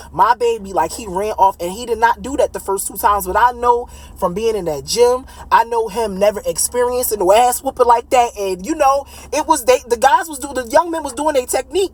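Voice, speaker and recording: A woman in her late thirties telling a personal story in a casual, blunt, animated way, swearing freely. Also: fairly high pitch, husky, poor audio. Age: late 30s.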